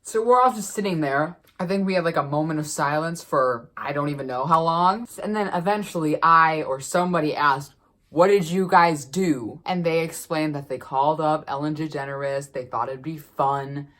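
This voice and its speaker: A woman casually telling a story to the camera as a vlogger, chatty and animated, with lots of fillers. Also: low-pitched, moderate pace, few pauses.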